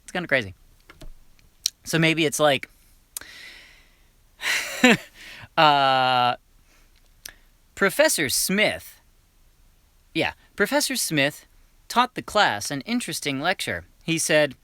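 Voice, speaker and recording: A man's voice: on the high side, very animated, slow, long pauses, bright, forceful tone, smooth, no echo, studio quality. A young male voiceover actor chatting casually on a livestream, laughing often and restarting his sentences.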